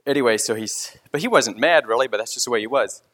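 A man's voice: medium pitch, fast, fairly bright tone. A man who leads a concrete crew tells a story in casual, earnest speech full of restarts. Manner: rambling, with frequent restarts.

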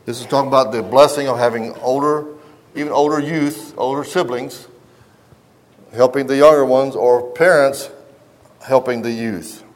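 A man's voice: medium pitch, steady tone, normal speed. A middle-aged man preaching a sermon in an earnest manner, often restarting his sentences and reading passages aloud from a book. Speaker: pastor.

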